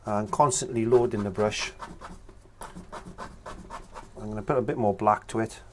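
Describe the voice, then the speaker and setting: A man, talking through a painting tutorial in a relaxed, chatty way as he works. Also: on the low side, normal speed, slight background noise. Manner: relaxed, chatty, talks while working. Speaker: painting instructor.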